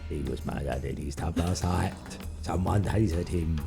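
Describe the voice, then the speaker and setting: A man's voice: low voice, moderate pace, creaky, music in the background. A man reading as a stern male police inspector in a murder mystery game, asking blunt, probing questions.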